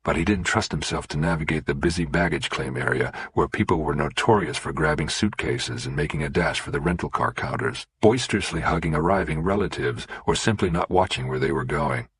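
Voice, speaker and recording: Deep husky guy reading a suspense audiobook, dry close sound. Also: fairly quick, few pauses, fairly bright tone, no echo. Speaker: audiobook narrator. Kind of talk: scripted narration.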